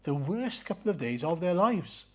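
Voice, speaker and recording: A man preaches in a church, his voice sitting a little higher than most men's. He speaks earnestly, poses rhetorical questions, and often stumbles over fillers and repeated words as he works through his points. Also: sing-song, moderate pace, fairly bright tone. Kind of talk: sermon.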